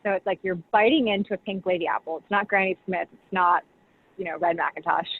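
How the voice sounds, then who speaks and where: A woman's voice: lowish voice, steady tone, fast talker. A woman, a champagne brand director, talking casually over a video call and explaining tasting, with lots of "like" and "you know.". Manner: chatty, full of "like" and "you know". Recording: tinny video call audio with faint hiss.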